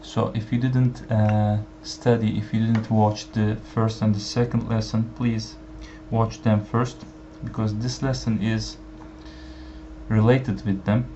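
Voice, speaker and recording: A man whose first language is Turkish gives an online language lesson, speaking slowly with many fillers and repeating each example phrase. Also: fairly low pitch, flat delivery. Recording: dull lo-fi sound with faint background hiss.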